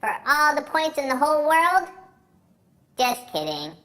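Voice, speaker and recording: A man voicing a cheerful, excitable talking banana puppet who leads children in call-and-response at a children's church show. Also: extremely high pitch, unhurried, heavily acted. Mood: bubbly. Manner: bubbly, jokey, leads kids in call-and-response.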